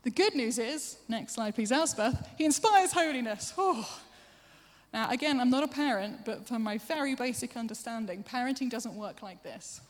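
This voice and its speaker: A woman preacher giving a sermon, chatty and self-deprecating, with quick asides to the congregation. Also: fairly high pitch, animated. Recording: long hall reverb.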